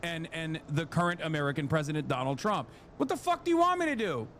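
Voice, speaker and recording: A man streaming, reacting to the news in a heated, profane rant that breaks into shouts. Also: fairly high pitch, expressive, quick pace, slight background noise. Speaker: live streamer.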